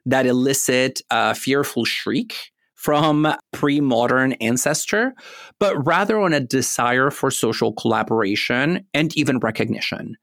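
A man co-hosting a casual scholarly discussion, explaining ideas in a measured way with touches of light humor. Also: medium pitch, fairly bright tone, no room sound, studio quality. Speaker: podcast co-host.

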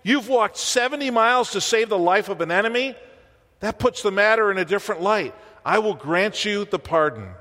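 A man's voice: sits high, moderate pace, pushed and bright, big-room sound. A man voicing an older male president, stately and moved to mercy, while telling a story in a sermon. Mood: astonished.

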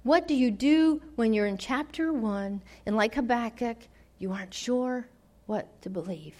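A woman preaching a sermon, dramatic, swinging from loud declarations to hushed near-whispers. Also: a little high, a little slow.

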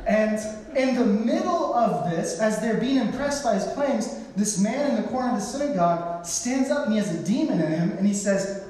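A man's voice: sits high, animated, moderate pace, warm tone. A man giving a sermon in a casual storytelling way, acting out the people he quotes in playful voices. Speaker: pastor. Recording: echoey hall, from far off.

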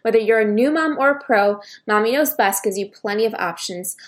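A woman podcast host reading a sponsor message in an upbeat way. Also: mid-range voice. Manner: brief supportive backchannels, upbeat ad read. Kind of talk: interview and read ad.

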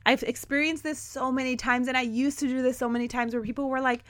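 An energetic woman hosts a motivational podcast with a slightly high voice. She leans hard on repeated words and keeps her delivery emphatic. The recording is close and dry. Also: fast talker, dry recording. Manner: energetic, enthusiastic, emphatic repetition. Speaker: podcast host.

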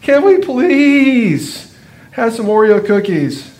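A man voicing a small boy pleading with his mother, in a raspy childish voice. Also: very high voice, very animated, slow pace, darkish tone, voice pushed up, heavily acted. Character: pleading little boy begging for cookies.

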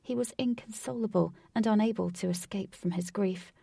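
A woman narrating a storybook aloud in a steady, measured reading, recorded from a distance from the microphone. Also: medium pitch, creaky, husky, dry recording. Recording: distant from the mic, dry.

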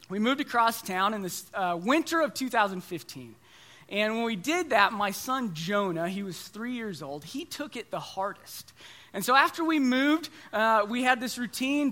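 A man's voice: sits high, bright, forceful tone. A man in his thirties preaching a sermon, telling stories in a conversational, self-deprecating way.

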